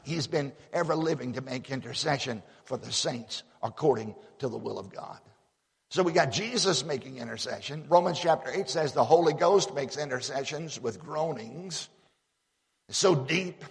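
A man's voice: a little high, gravelly, slightly rough. A man preaching a sermon in a folksy, emphatic way, often repeating words as he builds a point. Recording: long hall reverb.

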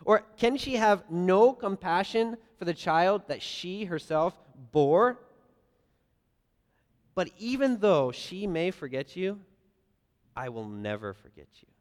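A man preaching a sermon, earnest, swinging between loud emphasis and soft, quiet lines. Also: high-pitched, animated, slow. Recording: long reverb of a large hall.

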